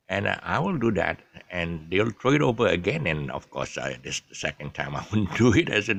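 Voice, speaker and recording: An older man from Malaysia with a Malaysian English accent, telling stories in a casual, rambling way with many pauses and chuckles. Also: sits low, big pitch swings, creaky, fairly bright tone, no echo. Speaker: vlogger. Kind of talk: casual storytelling monologue.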